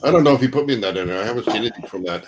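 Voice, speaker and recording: A man's voice: fairly low pitch, animated, rapid-fire, noisy background. Middle-aged man, Canadian accent, chatty joker on a group call. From England. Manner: chatty, joking, leans on "uh" fillers. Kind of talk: casual chat.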